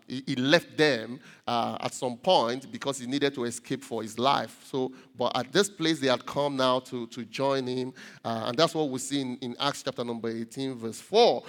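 A man preaching a sermon, halting with many repeated words and rising emphatically on key points. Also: medium pitch, fairly bright tone. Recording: long reverb.

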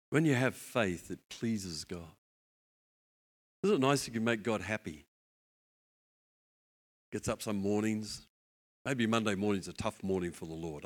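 A man preaching a sermon, telling a story with lively asides and acted-out voices. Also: fairly low pitch. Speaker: pastor.

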